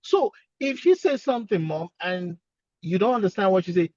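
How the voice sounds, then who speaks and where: A man with an accent giving gentle, encouraging speech advice over a video call from his car. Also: high-pitched, expressive, normal speed, no room sound, dull audio. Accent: non-native English accent. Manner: gentle, encouraging, acts out example dialogues. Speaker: speech-language pathologist, expert guest.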